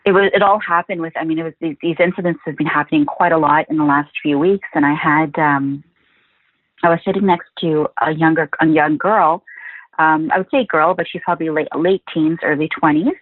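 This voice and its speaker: A woman's voice: low voice, no room sound. A woman journalist from Quebec, a guest on a podcast interview, telling her stories with animation and acting out the voices of the people she met. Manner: animated storyteller, acts out quoted voices. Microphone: phone. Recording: tinny phone line, dry.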